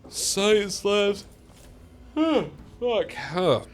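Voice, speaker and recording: A man's voice: sits high, very animated, drawn-out words, soft background music. A tired man giving casual gameplay commentary in a laid-back, swearing way. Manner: laid-back, sleepy, laughs easily, swears. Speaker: gameplay streamer.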